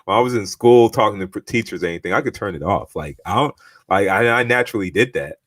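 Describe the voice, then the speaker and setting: A young man co-hosting a casual podcast chat, talking in a relaxed, measured way. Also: lowish voice, no room sound, studio quality, far from the mic. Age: young adult. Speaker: podcast co-host.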